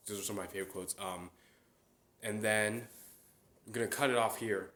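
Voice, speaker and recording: A man's voice: low-pitched, fairly even intonation, normal speed, pauses often, sharp tone. A young man hosting a casual solo chat. He rambles, with many fillers and restarts. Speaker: podcast host. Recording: roomy echo.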